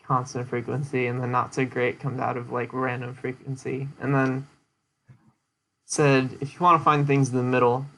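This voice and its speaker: A young man talking through a presentation he gave in a loose, casual way. His pitch sits in an ordinary middle range, and his explanations wander, full of "um" and "like" and restarts. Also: flat delivery, normal speed, gravelly, pushed and bright. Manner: rambling with many fillers and restarts. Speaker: streamer giving a presentation recap. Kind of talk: casual chat.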